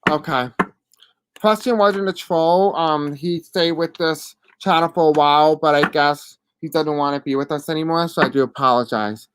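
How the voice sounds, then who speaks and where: A host with a deaf accent gives live readings and answers chat questions in a halting, apologetic way with many fillers. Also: mid-range voice, fairly bright tone, slight background noise.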